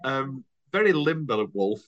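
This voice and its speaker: Brief: lively male co-host, slow delivery, jokey and animated. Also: mid-range voice, lo-fi sound. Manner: animated, joking, laughing often. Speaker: podcast co-host. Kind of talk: casual chat.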